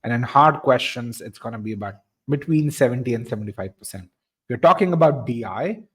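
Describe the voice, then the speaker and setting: A man leads a live test-prep webinar in a mid-pitched voice. He explains things step by step, often restarting and repeating words mid-sentence. He also reads out and responds to comments from his audience. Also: expressive, brisk, fairly bright tone, slightly rough.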